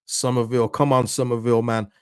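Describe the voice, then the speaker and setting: A man hosting a live football watchalong stream, reacting excitedly to the match and answering viewers' chat messages. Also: medium pitch, fast, clean tone, no echo, studio quality. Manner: excitable, pleading, chatty with viewers.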